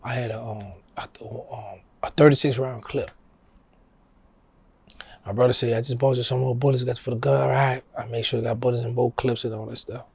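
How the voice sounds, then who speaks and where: A middle-aged New Orleans man, interviewed casually, tells a long street story a little fast, his voice gravelly and slightly husky. He acts out the people in it animatedly, jumping to a higher pitch for their quoted lines. The sound is close and dry, with no room sound.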